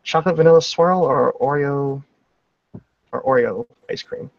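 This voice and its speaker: A man's voice: medium pitch, normal speed, vocal fry, dry recording, highs cut off. Casual, swearing man playing a tabletop game. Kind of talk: tabletop role-play narration.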